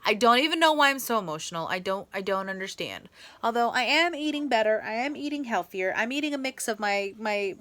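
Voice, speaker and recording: A woman's voice: fairly high pitch, animated, a little fast, fairly bright tone. A woman vlogging in casual chat, rambling with restarts and repeating herself as she talks about feeling stressed. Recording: noisy background with car sounds.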